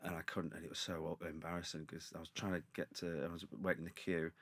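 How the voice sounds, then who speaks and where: Deep-voiced man rambling through anecdotes. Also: fast talker, dry recording. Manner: rambling anecdotes with lively acted-out quotes. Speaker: comedian guest. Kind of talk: casual chat.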